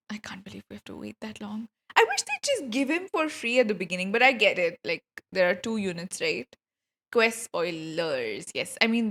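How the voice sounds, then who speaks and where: A woman streaming a game quest, reacting in an excitable, gushing and giggly way in casual commentary. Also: mid-range voice.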